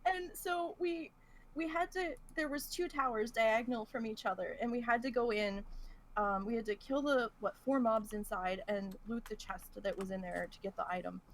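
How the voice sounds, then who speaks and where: A woman co-hosting a podcast, retelling a gaming mishap in a lively, laughing way. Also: on the high side, normal speed, a little hiss or hum. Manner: animated, laughs through the story. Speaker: podcast co-host. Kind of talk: casual storytelling chat.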